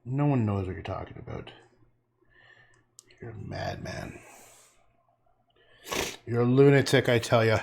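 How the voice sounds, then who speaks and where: Husky, lively man rambling on a livestream. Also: mid-range voice, unhurried, long pauses. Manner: rambling, joking, swears, talks to chat. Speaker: livestream painter. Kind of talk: casual livestream chat while painting.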